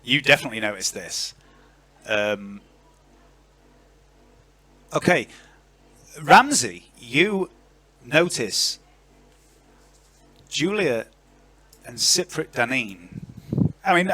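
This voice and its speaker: A man narrating a tabletop role-playing game as game master, in an animated and chatty way. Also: medium pitch, slow pace, long pauses.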